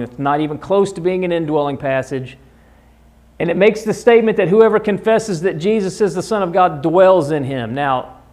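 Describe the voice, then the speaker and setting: Leading a Bible study in a Midwestern American church classroom, a man whose voice is on the high side yet darkish in tone keeps the lesson conversational. He explains the passages and asks the class questions along the way.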